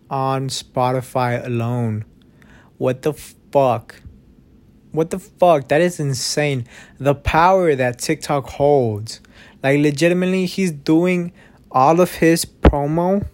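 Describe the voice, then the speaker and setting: A young man hosting his own podcast, chatting casually in a rambling, profane way, recorded on a phone in his dark bedroom. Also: on the high side. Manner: rambling, profane, restarts often. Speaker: podcast host. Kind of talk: casual solo podcast chat. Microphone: phone microphone.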